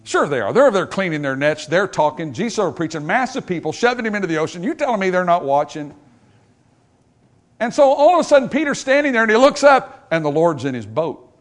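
A man's voice: sing-song, quick pace. Man preaching with big dynamic swings. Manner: dramatic, swings from loud and rising to low and quiet; acts out small dialogues between characters. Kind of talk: revival sermon. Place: church before a congregation.

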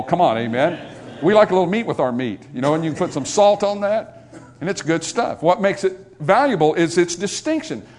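Preaching to his congregation, a middle-aged pastor sits high in pitch and keeps things folksy and joking. He moves between soft asides and loud, emphatic points.

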